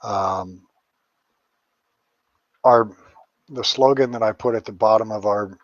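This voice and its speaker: A man's voice: lowish voice, steady tone, a little slow, pauses often, no room sound, muffled recording. A middle-aged man, a psychic medium and paranormal investigator, rambling through stories in a casual interview, with crude jokes and swearing.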